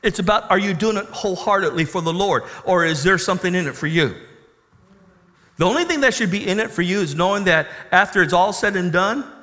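Animated preacher man in a reverberant hall. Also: high-pitched, a little fast. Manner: animated preaching with call-and-response questions. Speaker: pastor. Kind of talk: sermon.

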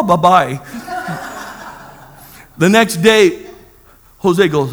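Male preacher, high pitch, animated storyteller, reverberant hall. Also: takes it slowly, long pauses. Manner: animated storytelling, acts out voices. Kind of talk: sermon testimony.

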